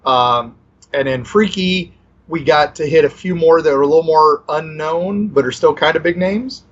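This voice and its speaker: A man's voice: a little high, moderate pace, dull audio. A man, an author guest in a casual interview, talking in a loose, rambling way with many fillers. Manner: rambling, full of fillers and restarts.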